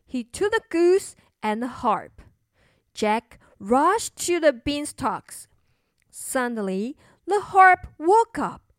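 A woman narrating a children's storybook and teaching English words, clearly and slowly, repeating words for learners. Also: high-pitched, no echo, clean studio sound. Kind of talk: bilingual children's story narration and vocabulary lesson.

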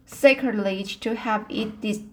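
A woman's voice: medium pitch, darkish tone, slight background noise, natural voice. Anne, a sensitive young woman, read by a woman. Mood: distressed. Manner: slow halting reading with repeated words. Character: emotional young woman student, dramatic, sensitive.

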